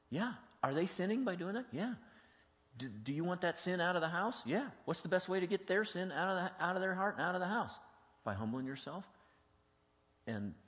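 A man's voice: medium pitch, a bit bright. A man teaching an informal Christian marriage class, plain-spoken and quizzing the group with rhetorical questions. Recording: dull lo-fi sound with long reverb.

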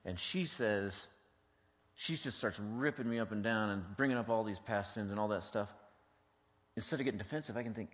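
A man's voice: lowish voice, moderate pace, pauses often, a bit bright. A man teaching an informal Christian marriage class, plain-spoken and quizzing the group with rhetorical questions. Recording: dull lo-fi sound with long reverb.

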